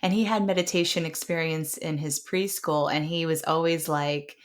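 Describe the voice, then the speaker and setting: A woman's voice: low voice, steady tone, normal speed. A woman in her thirties hosting an interview, chatting casually and laughing easily. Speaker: host.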